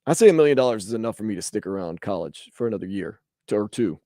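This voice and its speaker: A man's voice: lowish voice, fast talker, no echo, clean studio sound. A man hosting sports talk radio, chatting casually and acting out hypothetical quotes. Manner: animated, acts out quotes in voices.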